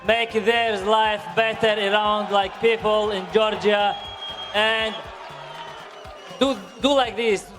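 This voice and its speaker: Male questioner, high voice, blunt, broken english, faint music. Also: steady tone, slow, crowd noise. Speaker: press conference questioner. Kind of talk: press conference question.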